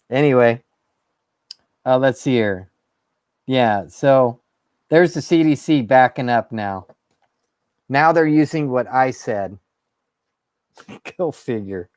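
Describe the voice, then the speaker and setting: A man's voice: mid-range voice, a little mellow, no echo, studio quality. A man hosting his own show, ranting in a fired-up, sarcastic way and swearing. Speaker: host. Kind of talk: ranting monologue.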